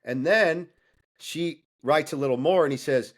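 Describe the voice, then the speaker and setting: On a candid podcast, a coaching guest speaks bluntly and intensely, swearing and carrying a preaching edge. His voice is mid-range and his pace moderate.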